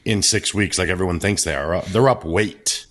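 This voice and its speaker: Deep-voiced blunt coach chatting. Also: male voice, moderate pace, a bit bright. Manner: laid-back, blunt, swears casually. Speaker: coach and podcast co-host. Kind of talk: casual podcast chat.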